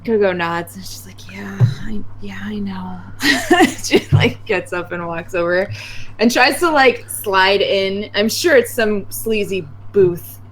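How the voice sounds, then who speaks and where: A woman's voice: medium pitch, lively intonation, slow, fairly bright tone, slight background noise, low-quality recording. A woman player in a tabletop game, laughing and easygoing. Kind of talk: casual tabletop play.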